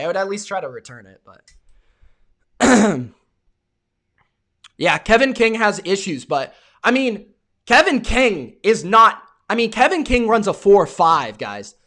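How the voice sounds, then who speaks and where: Young male streamer, high bright voice, unhurried between plays, erupts into shouts on big moments. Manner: excitable, yells at big plays, talks to chat viewers. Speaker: live stream sports reaction host. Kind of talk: live play-by-play reaction to a game.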